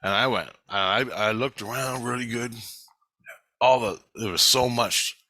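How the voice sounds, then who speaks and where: A middle-aged man vlogging, telling a story in a rambling, excitable way with frequent swearing. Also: mid-range voice, a little slow, no room sound. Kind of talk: casual storytelling.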